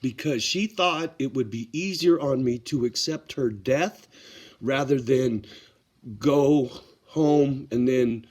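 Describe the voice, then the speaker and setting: A man's voice: mid-range voice, slow, a little mellow. A middle-aged man telling a personal story in a casual vlog, blunt and profane, getting worked up as he talks. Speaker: vlogger.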